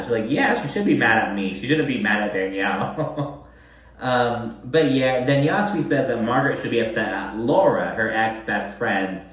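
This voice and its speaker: A man chatting casually through a reality TV recap, swearing freely and using lots of fillers. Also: fairly bright tone. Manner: chatty, profane, heavy on fillers, mimics quoted people in a higher voice. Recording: very echoey room.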